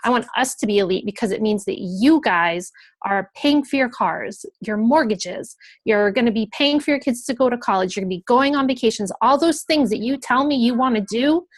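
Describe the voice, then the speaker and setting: A woman's voice: a little high, fairly quick, dry recording. A woman team leader speaking on a group call with earnest, emotional passion about her team's goals. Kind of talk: heartfelt thanks on a team call.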